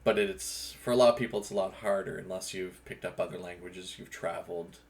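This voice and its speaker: A man's voice: deep voice, steady tone, fairly quick. A man from Eastern Canada, hosting a casual, rambling monologue about role-play voices. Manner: rambling, with frequent restarts and fillers. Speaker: gaming channel host.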